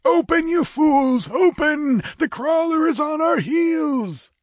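A man voicing a frightened man of a feuding city, high and strained, pleading at a door. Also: sing-song, normal speed, darkish tone, husky, no room sound, clean studio sound, exaggerated voice. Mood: panicked.

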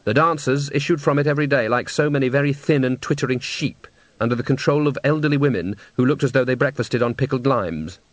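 A man reading a novel aloud with measured, wry storytelling. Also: medium pitch, no echo. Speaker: audiobook narrator. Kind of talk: scripted narration. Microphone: close studio mic.

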